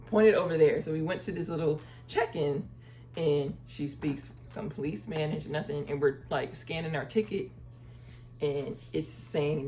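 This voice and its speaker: Animated woman telling a travel story. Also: lowish voice. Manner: animated storytelling, acting out quoted people; uses "y'all" and "girl" casually. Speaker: travel vlogger. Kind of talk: casual story time.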